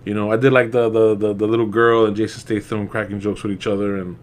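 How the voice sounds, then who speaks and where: A man's voice: fairly low pitch, little pitch movement, quick pace. Young man, casual movie reviewer, rambling and profane, laughs often.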